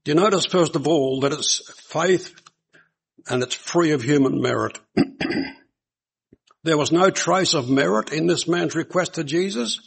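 A man's voice: fairly high pitch, unhurried, creaky, pauses often, breathy edge, poor audio. A man preaching a sermon to a congregation, speaking earnestly and putting rhetorical questions to his listeners.

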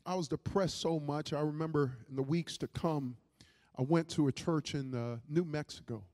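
A middle-aged man preaching a personal testimony as a pastor, impassioned and repeating words, swinging from loud to hushed. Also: on the high side, moderate pace, big-room sound. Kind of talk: testimony sermon.

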